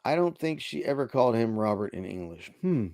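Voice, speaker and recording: Brisk and very animated, a middle-aged livestream host reads viewers' chat messages aloud into his desk mic during a relaxed late-night stream. His medium-pitched voice is darkish with vocal fry, and the recording is dry and studio-clean.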